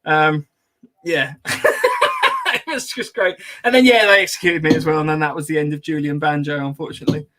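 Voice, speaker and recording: Bright-voiced podcast host. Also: male voice, fairly high pitch, a little fast. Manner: chatty storyteller, many ums, laughing asides. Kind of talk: casual chat, anecdote.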